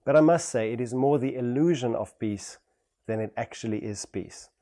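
A man's voice: medium pitch, normal speed, mellow. A man with a South African accent preaching a sermon as pastor, building emphatic rhetorical repetitions. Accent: South African English.

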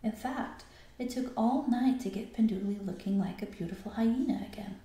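A woman teacher reading a picture book aloud to a class, with expressive storytelling. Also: on the high side, moderate pace, roomy sound.

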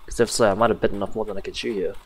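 A man's voice: lowish voice, fairly even intonation, very fast, slightly rough, low-quality recording. A man giving sarcastic, jokey commentary while playing a horror game. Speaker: gaming youtuber.

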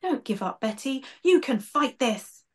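A woman's voice: sits high, sing-song, a little slow, a little mellow, voice pushed up. A woman voicing a small, scrawny male imp who is earnest and devoted, in a storybook reading. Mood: anxious devotion.

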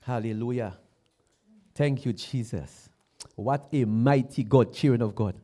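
A man from Dominica, preaching a sermon, repeating his phrases and building to loud exclamations. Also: medium pitch, unhurried.

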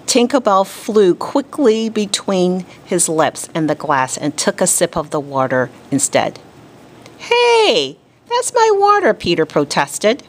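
A woman teacher reading a children's storybook aloud to her class, expressive and deliberate. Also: on the low side.

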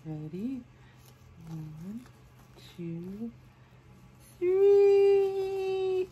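A woman in her forties, sick, gushing over a doll in a casual unboxing vlog, with soft hushed asides. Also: lowish voice, lively intonation, slow, pauses often, highs cut off. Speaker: doll collector and channel host.

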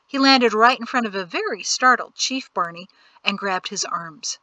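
A woman narrating an audiobook in an even, measured storytelling manner. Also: mid-range voice, no echo, low-quality recording. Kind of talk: scripted narration.

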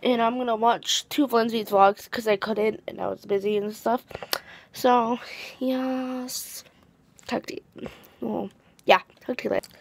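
A woman's voice: on the high side, steady tone, moderate pace, vocal fry. A teenage girl chatting casually to her vlog camera, tired, rambling and restarting her sentences with giggles. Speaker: vlogger.

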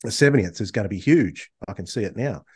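A man's voice: on the low side, expressive, quick pace, a little mellow, husky. A man hosting a casual podcast, chatty and friendly, often restarting his sentences. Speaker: podcast host.

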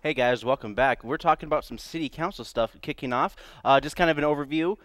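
A male host in a small studio giving a news overview, halting with frequent filler pauses. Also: a little high, over music. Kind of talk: news overview on a morning show.

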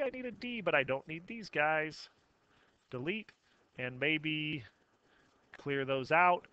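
A man teaching a math software tutorial, narrating each click step by step with casual self-corrections. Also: fairly high pitch, clear, resonant tone, lo-fi sound. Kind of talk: screen-recorded software tutorial.

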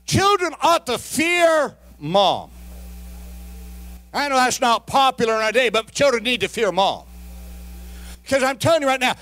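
High-pitched preacher man shouting exhortations. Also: very animated, moderate pace, pauses often. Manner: emphatic preaching, swings from low asides to shouted exhortation; folksy humor and repeated rhetorical questions. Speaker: pastor. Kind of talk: sermon.

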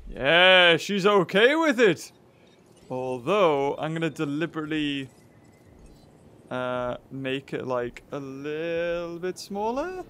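A man narrating his game in an excitable, chatty way, often talking straight to the animals on screen. His voice sits high and swings widely in pitch. There is faint noise behind him. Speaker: gaming channel host. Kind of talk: let's play commentary.

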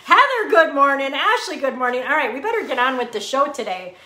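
A woman's voice: high voice, very animated, fairly quick, pushed and bright, a little hiss or hum. A woman hosting a casual live fitness chat, greeting viewers by name and laughing often. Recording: echoey room.

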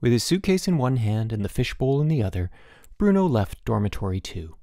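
A man narrating a children's audiobook with an expressive storytelling manner. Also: mid-range voice, fairly quick, dry recording, clean studio sound. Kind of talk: scripted narration.

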